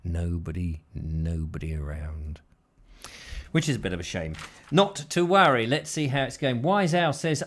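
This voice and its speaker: A man's voice: lowish voice, unhurried, a bit bright. A man hosting a casual live show from his house, rambling through viewer comments with self-deprecating jokes. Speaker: host.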